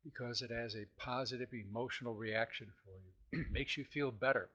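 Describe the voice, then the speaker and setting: A man hosting his own self-help podcast, talking casually to listeners, often clearing his throat and asking rhetorical questions. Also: mid-range voice, fairly quick, pushed and bright, dull audio.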